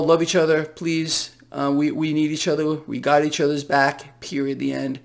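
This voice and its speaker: A man's voice: fairly high pitch, steady tone, moderate pace, creaky. A man hosting his own finance channel, ranting in a fervent, blunt, repetitive and profane way. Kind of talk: impassioned casual vlog rant.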